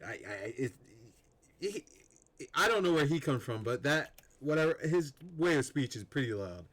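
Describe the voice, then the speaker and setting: A man's voice: medium pitch, very animated, moderate pace, fairly bright tone. A man playing in a tabletop game, speaking in character in a stammering, defensive way. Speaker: player.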